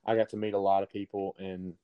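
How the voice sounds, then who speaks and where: A man's voice: low-pitched, little pitch movement, clean tone, lo-fi sound. Teenage guy with a Southern drawl. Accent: Alabama. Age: teens. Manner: halting, with many ums and restarts. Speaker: baseball recruit guest. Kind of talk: casual interview answers.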